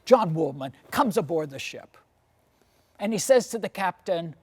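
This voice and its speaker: A woman's voice: lowish voice, animated, unhurried, darkish tone, breathy edge. A woman lecturer and tour guide telling history as a story, posing questions to her audience and often adding "you see".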